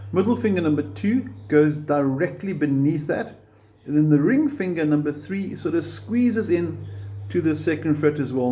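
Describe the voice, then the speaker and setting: Patient man teaching guitar, mellow voice. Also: fairly high pitch. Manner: patient, encouraging, counts beats aloud. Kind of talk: step-by-step guitar lesson.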